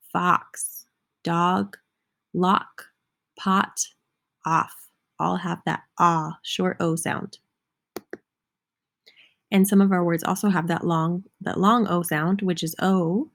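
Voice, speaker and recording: A young adult woman teacher giving a slow, clear lesson for young children, patiently spelling words out letter by letter. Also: lowish voice.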